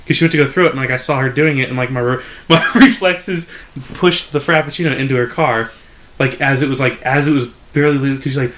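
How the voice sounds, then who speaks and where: A young man tells a story at a fast clip, packing every sentence with "like" and filler. He jumps into a higher voice whenever he acts out a customer or a coworker. His everyday pitch sits in the middle, and the chat stays casual and unscripted. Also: fairly even intonation, a bit bright. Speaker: podcast co-host.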